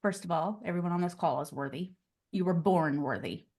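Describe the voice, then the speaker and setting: A woman coaching real estate agents in a live online class over a video call, talking in an energetic, chatty way full of "like" and "okay?". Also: on the low side, fairly quick.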